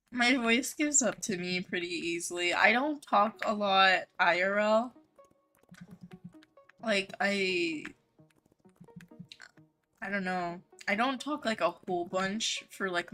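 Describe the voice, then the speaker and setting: Reading messages from her chat, a woman streaming games talks casually in a bright, forceful, mid-range voice. Her laughs come easily and her speech is heavy with fillers like "um" and "like."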